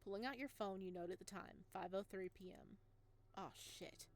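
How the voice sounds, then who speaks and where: A woman's voice: medium pitch, normal speed. A woman playing a visual novel and reading its text and lines aloud, playful. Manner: playful, does all the voices. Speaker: let's play streamer.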